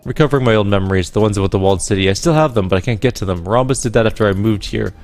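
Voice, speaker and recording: A man reading game dialogue aloud, voicing a hostile teenage girl hacker who talks quick and sharp-tongued. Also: on the low side, soft background music, lightly acted. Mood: matter-of-fact.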